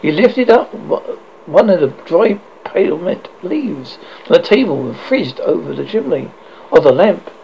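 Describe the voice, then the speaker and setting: A man's voice: high voice, big pitch swings, unhurried, creaky, highs cut off, a little hiss or hum. A man narrating a classic horror story with dramatic delivery, often stumbling and restarting words.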